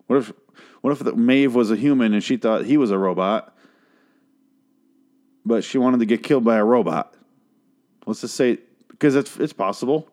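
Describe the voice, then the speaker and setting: A man with a lowish, darkish voice hosts a podcast reviewing a TV series. He talks casually and rambles, swearing a lot and leaning on filler words.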